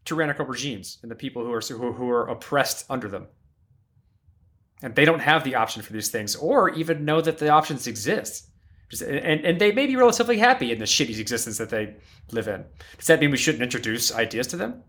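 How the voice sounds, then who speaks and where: A man's voice: medium pitch, very animated, brisk, a bit bright. A man co-hosting a podcast roundtable, arguing his point earnestly and often restarting his sentences. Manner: earnest and argumentative, frequent self-restarts. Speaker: podcast co-host. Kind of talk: roundtable debate.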